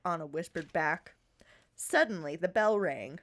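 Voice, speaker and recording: A woman's voice: sits low, unhurried. A woman podcast host in casual chat, giggling as she reads her own fan fiction aloud with playful emphasis.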